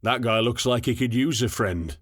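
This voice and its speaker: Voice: medium pitch, moderate pace, husky, close to an everyday voice. A man voicing a joking soldier in a military sci-fi audiobook, talking in a sing-song, teasing way.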